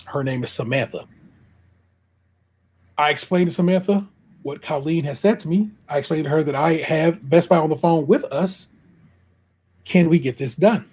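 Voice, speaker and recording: A young man hosting a podcast, retelling a frustrating episode in an animated, exasperated casual way. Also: on the high side, normal speed, long pauses, breathy edge. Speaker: podcast host. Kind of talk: casual storytelling chat.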